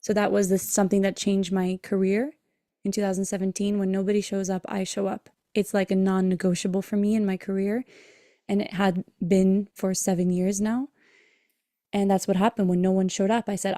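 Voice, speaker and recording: A woman's voice: medium pitch, little pitch movement, normal speed, dark tone, no echo, studio quality. A woman hosting a podcast, telling an emotional personal story in an earnest way and acting out the dialogue in it. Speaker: podcast host and breathwork coach.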